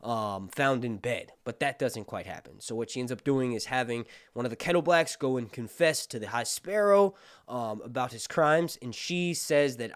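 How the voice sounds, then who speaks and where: A man's voice: medium pitch, normal speed. A man hosting a casual livestream, talking in a chatty way and swearing freely. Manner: animated, profane, chatty. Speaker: YouTube host.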